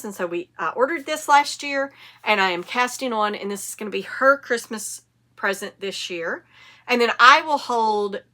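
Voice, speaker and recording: A woman's voice: mid-range voice, pushed and bright. A woman in her fifties hosting a knitting podcast, chatting casually in a rambling way and correcting herself as she goes. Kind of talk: casual chat to camera.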